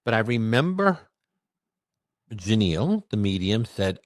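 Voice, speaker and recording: Man, medium telling his story, expressive and emphatic, fast bursts, dry close sound. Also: fairly low pitch, no room sound. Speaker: medium recounting his experiences. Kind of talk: animated storytelling in conversation.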